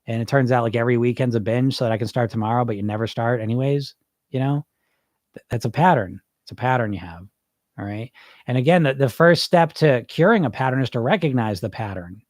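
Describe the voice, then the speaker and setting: On his live podcast, a middle-aged man who coaches weight loss answers listeners in a casual, blunt way, peppering them with rhetorical questions. He has a medium-pitched voice and talks a little fast. The sound is clean studio audio without room noise.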